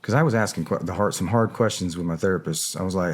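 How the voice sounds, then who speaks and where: A man with a fairly low voice talks through a long interview answer. He is candid and reflective and often stops to find the right words. He sounds middle-aged. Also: fast talker, few pauses, breathy edge. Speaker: interview guest, former special operator.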